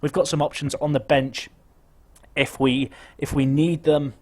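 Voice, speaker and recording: A young game streamer offers chatty live commentary on a football management game, nervous and excitable, swinging from muttering to shouting. His voice sits on the high side and his pace is measured.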